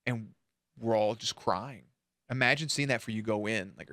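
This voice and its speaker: A man's voice: lowish voice, normal speed, sharp tone, no room sound, studio quality. A man hosting a reaction channel, telling a story to camera in a candid, emotional way with casual swearing.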